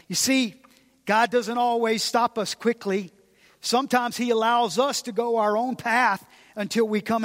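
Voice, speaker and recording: A man's voice: sits high, a bit bright, in a large hall. A man preaching a sermon as pastor, emphatic and repetitive, sometimes dropping to a near-whisper. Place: large church.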